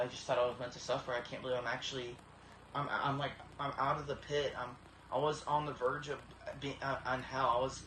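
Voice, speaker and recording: A man in his thirties giving an emotional personal testimony, halting and earnest with many repeated starts, close to tears. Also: medium pitch, fairly bright tone. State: tearful, emotional. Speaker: vlogger. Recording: echoey room with faint background hiss.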